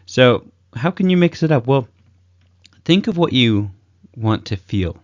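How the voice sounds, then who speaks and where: A man's voice: a little slow, no echo, dull audio. A man giving casual communication advice, acting out examples with big swings in his voice. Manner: energetic, acts out examples with big pitch swings. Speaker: communication coach. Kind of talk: casual advice talk to camera.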